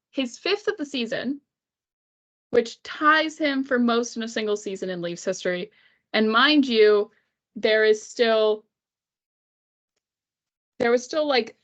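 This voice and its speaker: A woman co-hosting a casual hockey podcast, talking quickly and rambling with fillers and laughs. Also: on the high side, a bit bright, highs cut off. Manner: fast, giggly, rambling with fillers. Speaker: podcast co-host. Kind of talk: casual chat.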